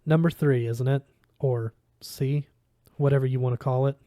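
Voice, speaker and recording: A man's voice: mid-range voice, fairly even intonation, moderate pace, mellow, no room sound, studio quality, close to an everyday voice. A man reading aloud, voicing a blunt, chain-smoking older woman who talks brusquely and directly.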